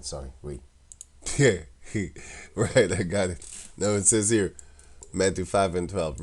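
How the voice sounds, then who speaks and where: Here a religious commentator talks through scripture in a low-sitting, darkish voice. His delivery is loose and rambling, full of restarts, frequent laughter, and a scornful, mocking edge.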